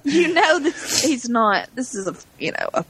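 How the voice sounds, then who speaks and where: A woman's voice: high voice, big pitch swings, normal speed, a bit bright, slight background noise. A woman co-hosting a casual chat, chatty and enthusiastic. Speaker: podcast co-host.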